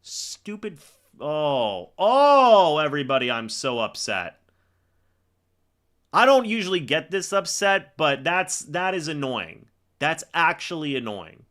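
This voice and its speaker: A man's voice: fairly high pitch, sing-song, a little slow, sharp tone. A man on a live stream calling each play and ranting in angry exasperation at the referees. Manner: reads plays aloud like commentary. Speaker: sports reaction streamer.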